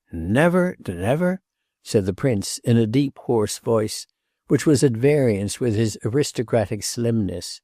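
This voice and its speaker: A man narrating a classic novel as an audiobook in a measured, even reading. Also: medium pitch, gravelly, dry recording, studio quality. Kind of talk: scripted literary narration.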